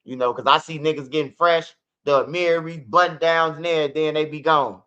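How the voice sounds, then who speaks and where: A man spins a profane street story in his own channel's casual style, acting out the lines of everyone involved. His voice sits high and sounds sharp and forceful. The recording is muffled and lo-fi. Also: brisk, clear, resonant tone. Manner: animated, profane street storytelling with acted-out quotes. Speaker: channel host. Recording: dull lo-fi recording.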